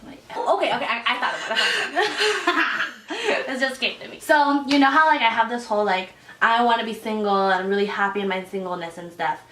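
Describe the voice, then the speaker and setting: A woman in her twenties hosting a casual vlog chat with her best friend, gushing and excitable, full of "like" and "oh my gosh". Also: a little high, fast. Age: 20s. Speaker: vlogger host. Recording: roomy echo, mic at a distance.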